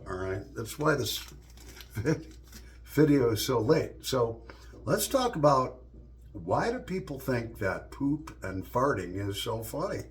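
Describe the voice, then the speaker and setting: A middle-aged man tells casual stories straight to the camera in a loose, joking way, with plenty of profanity. His voice sits at an ordinary middle pitch for a man. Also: very animated, takes it slowly. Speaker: vlogger. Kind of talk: casual storytelling monologue.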